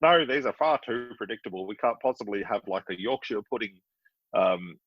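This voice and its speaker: An Australian man guesting on a casual podcast, opinionated and quick to laugh. His husky voice sits in a middle pitch. It comes through a dull, lo-fi line that sounds very dry. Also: lively intonation, no room sound. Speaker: podcast guest, former baking show contestant. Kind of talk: casual chat.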